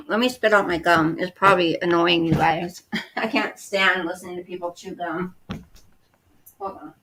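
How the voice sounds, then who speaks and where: Slow-talking bright woman in her fifties. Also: fairly low pitch, a little hiss or hum. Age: 50s. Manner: chatty, reads and answers viewer comments. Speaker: livestream host. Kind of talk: casual livestream chat.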